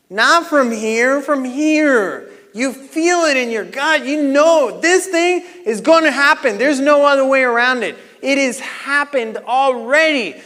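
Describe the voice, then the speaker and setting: A man leading a live motivational workshop on a microphone, energetic and coaxing, shouting encouragement at the group. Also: very high-pitched. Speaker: workshop leader. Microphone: handheld microphone. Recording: long hall reverb.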